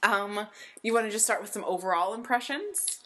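A woman's voice: medium pitch, expressive, moderate pace, fairly bright tone. Chatty young woman podcast co-host. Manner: chatty, giggly, peppered with "like". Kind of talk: casual chat.

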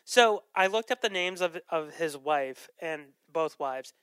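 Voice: mid-range voice, expressive, a little slow, a bit bright, clear, resonant tone, no room sound. A podcast host in a casual movie chat, talking loosely with ums and frequent laughs. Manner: chatty, laughs often, trails off with ums.

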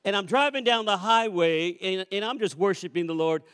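A man in his fifties delivers a sermon as a pastor, telling stories in a fairly high voice. He swings between loud calls and quiet asides. His words trail off in the long reverb of a church sanctuary. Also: brisk, clear, resonant tone. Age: 50s. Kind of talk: sermon with storytelling.

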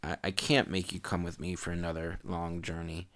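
A kind wandering hero speaks gently and earnestly in a deep, gravelly voice, as a father voices him in a bedtime story. It stays close to the narrator's own low tone. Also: flat delivery, moderate pace. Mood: gentle.

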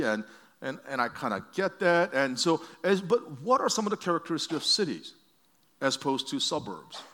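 A man's voice: a little high, fairly bright tone. A man preaching a conversational sermon to a congregation, telling stories and asking questions, with frequent restarts. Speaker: pastor.

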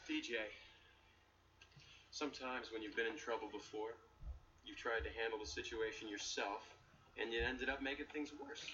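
A man playing a gentle, reassuring sitcom dad. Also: mid-range voice, fairly even intonation, normal speed, pauses often, natural voice. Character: kind, patient sitcom dad. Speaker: sitcom father. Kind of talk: sitcom acting. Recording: distant, muffled TV clip with noise.

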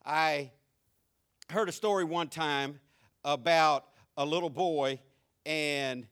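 A middle-aged male pastor preaching a sermon, calling out to his congregation and telling stories, rising to animated shouts. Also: fairly high pitch, slow, smooth. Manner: preaching with audience call-outs and storytelling.

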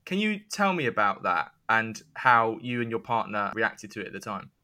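Podcast host, bright tone, reactive interviewer, conversational. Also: medium pitch, big pitch swings, moderate pace.

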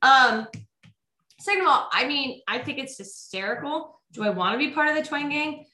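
Bright chatty woman telling stories in a roomy space. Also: high-pitched, moderate pace. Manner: animated storyteller, chatty. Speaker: teacher, podcast guest. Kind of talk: casual podcast chat. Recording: roomy echo.

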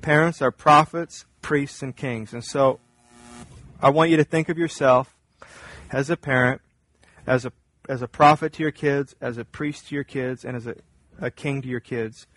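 A man's voice: medium pitch, fairly even intonation, moderate pace, pauses often, fairly bright tone, dry recording, poor audio. Man, middle-aged, casual teaching voice, repeats himself, dry close sound. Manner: conversational, repeats words, acts out talks with his sons. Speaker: pastor teaching a parenting class. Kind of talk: informal teaching talk.

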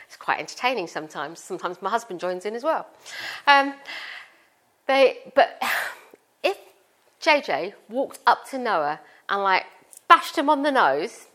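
A woman's voice: a little high, big pitch swings, normal speed, a bit bright. A middle-aged woman with a British accent preaching a sermon in a chatty, informal way, explaining through everyday family stories. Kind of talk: conversational sermon.

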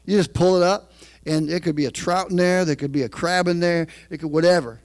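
A man preaching a sermon, moving from chatty storytelling to loud, shouted preaching. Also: high-pitched, fairly even intonation, fairly quick.

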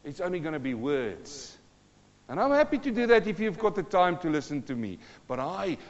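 A man preaching a sermon from the front of a church, emphatic, swinging between hushed asides and loud bursts. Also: high voice, in a large hall, dull audio. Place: church hall.

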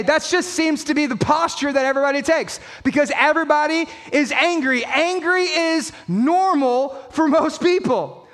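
Pastor guy with a really high voice, sermon style, gets loud and punchy. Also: normal speed, hardly any pauses, big-room sound. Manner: emphatic, rising to shouts at key points.

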